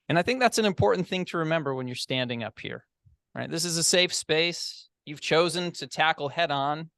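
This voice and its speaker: A man's voice: a little high, fairly bright tone, clear, resonant tone, no room sound, studio quality. A man, nasal from allergies, giving a candid, self-deprecating and reassuring inspirational speech at a speaking club. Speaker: club member giving the opening. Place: club meeting room.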